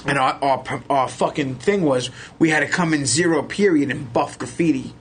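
A man, a podcast guest telling animated, profane stories and laughing as he goes. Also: medium pitch, normal speed, a little hiss or hum. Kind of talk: casual storytelling.

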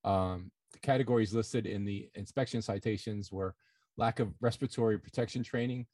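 A man's voice: lowish voice, brisk, no echo. Matter-of-fact man reading news, dry sound. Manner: steady, matter-of-fact listing. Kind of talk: reading news items aloud.

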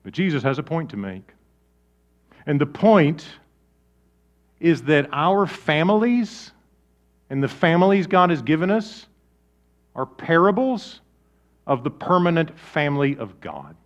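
In a lo-fi recording, a man gives a sermon as pastor, taking his time and pausing at length. He talks in an animated, conversational manner, shifting between loud bursts and soft, low asides.

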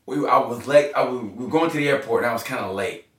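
A medium-pitched man talks fast as a podcast guest, swapping casual stories, swearing freely and putting on voices for quotes. The recording catches him from a distance in a room with echo.

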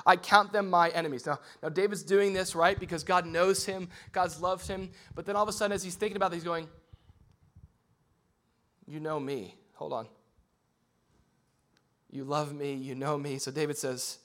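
A man preaching a sermon in a church, talking conversationally and climbing into loud, excited bursts. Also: a little high, moderate pace, long pauses. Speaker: pastor.

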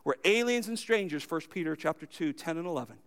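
A high-pitched man delivers a sermon with real emphasis. He poses questions to the congregation and answers them himself, his voice leaping up loud and then sinking low and soft. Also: animated, fast. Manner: emphatic, swinging between loud high lines and low quiet ones. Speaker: pastor.

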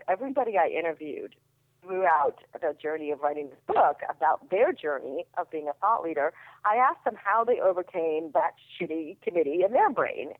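A woman author answering interview questions in a chatty, storytelling way, with quick asides. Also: fairly low pitch, no echo. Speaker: author guest. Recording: tinny phone line, dry.

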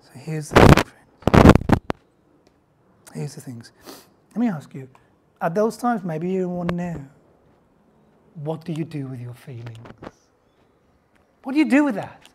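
A woman preaching a sermon in a conversational way, asking many rhetorical questions and swinging from hushed to loud. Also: sits low, very animated, measured pace, pauses often. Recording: heavy background noise.

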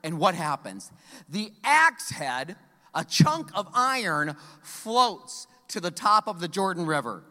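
A middle-aged man preaching a sermon as pastor, telling a story with animated delivery and acted-out voices. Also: high voice, slow. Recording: hall reverb.

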